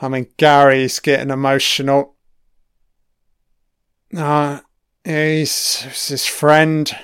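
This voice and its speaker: A man drawls through a casual film commentary, his pitch a touch high and his voice smooth and clear. He swears constantly and enthuses over scenes, trailing off into asides. The sound is close and dry. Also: level tone, slow, fairly bright tone, no room sound. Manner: profane, enthusiastic, frequent swearing.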